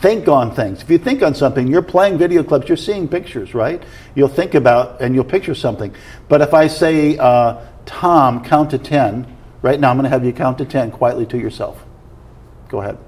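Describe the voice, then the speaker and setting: Husky man explaining earnestly. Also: mid-range voice, fairly quick, a little mellow. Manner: earnest, explanatory, asks questions to check. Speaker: guest teacher on prayer. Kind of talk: teaching in a conversation.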